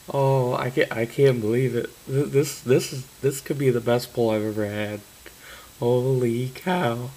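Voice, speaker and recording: Slow-talking man narrating a card break. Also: mid-range voice, fairly even intonation, a little mellow, low-quality recording. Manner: reads out card names, breaks into stunned exclamations. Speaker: card collector opening boxes. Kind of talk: casual card-break commentary.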